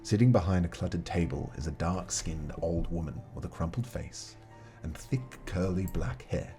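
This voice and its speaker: Deep gravelly-voiced male game master. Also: animated, moderate pace, dark tone, faint music behind. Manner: chatty, reads game text aloud, talks to chat. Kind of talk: casual solo tabletop play narration.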